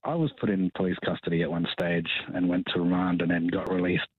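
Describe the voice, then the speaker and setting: An Australian man calling in to a talkback show, husky, rambling and hesitant with many ums and restarts. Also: deep voice, steady tone, fast talker, no room sound. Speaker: caller. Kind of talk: phone-in talkback call. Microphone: telephone. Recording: tinny phone line.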